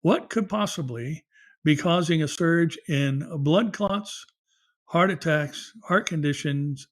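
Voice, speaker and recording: A man's voice: on the high side, slow. A middle-aged man, a pastor hosting a news commentary show, who reads articles aloud with fillers and asides.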